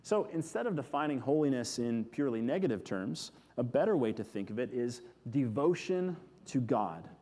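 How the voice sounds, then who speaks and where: A man preaching a sermon, earnest, repeating key words and letting them fall soft. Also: mid-range voice, big pitch swings, normal speed, in a large hall. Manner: earnest, with emphatic repetitions falling soft. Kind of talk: sermon teaching on scripture.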